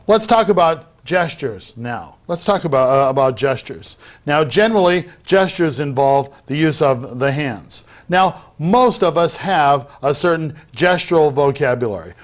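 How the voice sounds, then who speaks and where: A middle-aged man giving a recorded lecture on public speaking, acting out loud, soft, fast and slow delivery as he explains it. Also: fairly high pitch, animated. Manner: demonstrates vocal techniques while teaching, varying loudness and pace. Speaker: debate lecturer.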